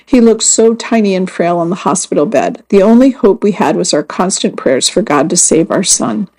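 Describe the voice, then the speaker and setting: Low-voiced woman reading true stories. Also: lively intonation, a little mellow, low-quality recording. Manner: measured, earnest first-person reading. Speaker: magazine story reader. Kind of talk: scripted narration.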